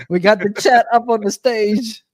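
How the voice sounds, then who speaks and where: A man's voice: sits high, a little slow, no room sound, clean studio sound. A man hosting a podcast in a casual, joking, slang-heavy way. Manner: laid-back, joking, slangy. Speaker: podcast host. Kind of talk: casual chat.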